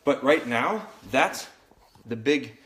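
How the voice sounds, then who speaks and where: Slow and expressive, with a mid-range, somewhat bright voice, a man who trains dogs coaches viewers directly during a live demo at home. His tone is candid, and his kitchen adds echo and a little faint noise.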